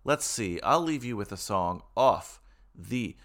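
A man's voice: fairly low pitch, lively intonation, measured pace, fairly bright tone. A man co-hosting a podcast, chatting casually in a playful, joking way. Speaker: podcast co-host. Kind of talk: casual chat.

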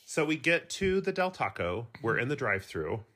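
A woman's voice: rumbling low, normal speed. A middle-aged woman co-hosting a podcast, chatting casually and acting out funny stories with quoted voices and plenty of swearing. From Utah. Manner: animated storyteller acting out quotes, swears freely. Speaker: podcast co-host. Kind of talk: casual chat, storytelling.

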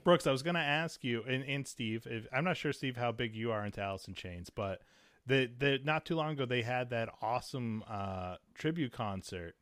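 A man's voice: medium pitch, normal speed, fairly bright tone, no room sound. Man hosting a rambling casual chat. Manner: rambling, full of fillers and restarts.

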